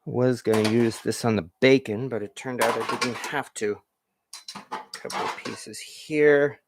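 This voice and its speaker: A man's voice: medium pitch, steady tone, unhurried, background noise. A man hosting a home cooking show, chatting casually while he cooks, rambling and self-deprecating with corny puns. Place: home kitchen.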